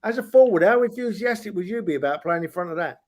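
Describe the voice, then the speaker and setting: A man co-hosting a football podcast, arguing a point as devil's advocate with halting restarts. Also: sits high, expressive, darkish tone. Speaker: podcast co-host. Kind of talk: casual football podcast chat.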